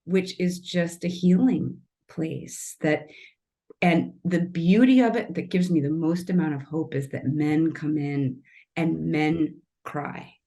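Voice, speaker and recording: A woman's voice: low voice, slow, mellow. Earnest, emotional woman guest. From Kansas City, Missouri. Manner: emotional, earnest, rambling with restarts. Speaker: podcast guest, tree artist and storyteller. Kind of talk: casual podcast interview.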